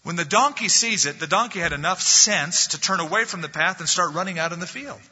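Bright husky-voiced male preacher. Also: sits high, a little fast. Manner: storytelling, animated and emphatic. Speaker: pastor. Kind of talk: sermon. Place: church sanctuary. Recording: dull lo-fi recording in an echoey hall.

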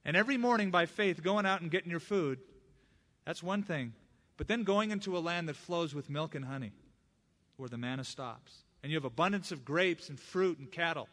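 A man preaching a sermon with personal stories, acting out the voices of the people he quotes. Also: a little high. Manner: expressive preaching that acts out quoted speech; personal testimony.

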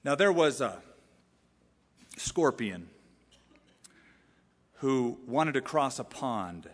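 A man's voice: mid-range voice, very animated, very slow. A male pastor preaching a sermon in a conversational way, with frequent rhetorical questions to the congregation. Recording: echoey hall reverb.

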